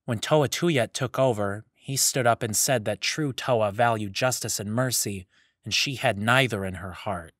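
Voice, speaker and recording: A man's voice: a bit bright, no room sound, clean studio sound. A man voicing a small, nervous young male villager who chatters and fires off worried questions in a raised voice. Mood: glum chatty. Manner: high-strung, rapid worried questions.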